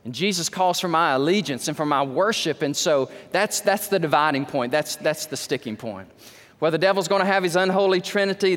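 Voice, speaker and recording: A man preaching a sermon as pastor, animated, with wide swings in pitch and loudness. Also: in a large hall.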